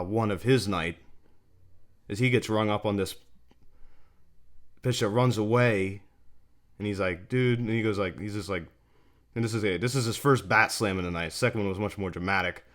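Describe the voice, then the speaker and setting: Exasperated man breaking down game replays. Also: fairly bright tone. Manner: exasperated and repetitive, pitch swinging up in disbelief. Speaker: host of a fan sports channel.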